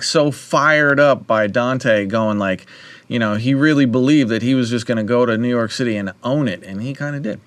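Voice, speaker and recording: A man's voice: mid-range voice, clean tone, no room sound. A man in his fifties hosting a livestream, telling a casual studio story and acting out the voices of people he quotes. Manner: animated, acts out quoted voices. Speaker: livestream host.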